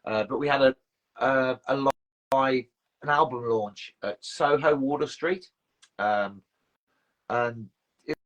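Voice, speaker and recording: A man's voice: medium pitch, takes it slowly, long pauses, muffled recording. A middle-aged man, a band frontman, telling rambling self-mocking stories and swearing freely in casual livestream chat. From England.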